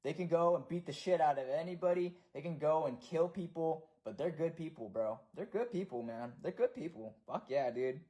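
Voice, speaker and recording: A man's voice: a little high, expressive, moderate pace, few pauses, mellow. A young American man ranting profanely and repetitively in a casual livestream.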